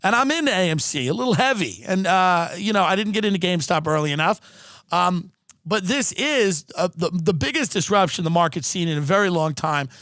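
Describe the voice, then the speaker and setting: A man with a high-pitched voice rants sarcastically as a podcast host, swearing freely and building into mocking outbursts. The sound is close and dry, with no room in it. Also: animated, brisk, fairly bright tone, no echo. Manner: profane, sarcastic, ranting. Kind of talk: comedic political rant.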